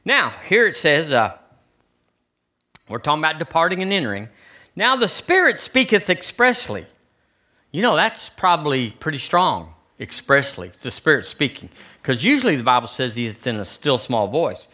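Lively, bright-voiced pastor preaching. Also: male voice, medium pitch, normal speed. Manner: conversational preaching, rhetorical questions to the congregation. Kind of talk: sermon. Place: church sanctuary.

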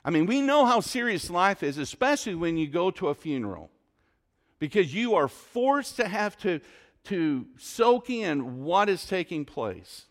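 A man's voice: sits high, very animated, measured pace. A man preaching a sermon to his congregation as pastor, repeating and varying his questions with dramatic emphasis. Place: church sanctuary.

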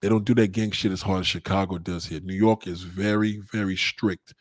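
A young man hosts a casual livestream and talks straight to his viewers. His delivery is rambling and profane, full of street slang and shout-outs. His voice sits fairly low and the sound is dry, with no room around it. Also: fairly even intonation, fairly quick, dry recording. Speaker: livestream host.

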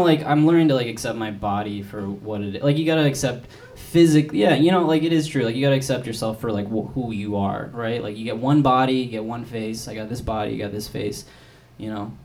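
A man's voice: mid-range voice, fast talker, hardly any pauses, darkish tone. A man in his twenties doing a rambling, self-deprecating stand-up set, full of "like" and restarts. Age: 20s. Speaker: stand-up comedian. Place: comedy club stage. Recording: noisy live comedy club. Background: audience laughter.

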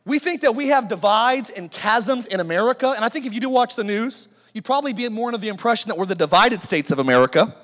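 High-voiced pastor, lively and jokey. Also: male voice, fast talker, hardly any pauses. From Southern California. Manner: animated, jokey, acts out quoted voices. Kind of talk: sermon with humorous storytelling. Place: large church hall. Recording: long church hall reverb.

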